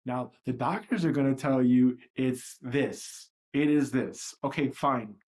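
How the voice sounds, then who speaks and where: A man's voice: medium pitch, a little slow, mellow. Brief: male livestream host, mid-range voice, blunt, profane, reflective monologue.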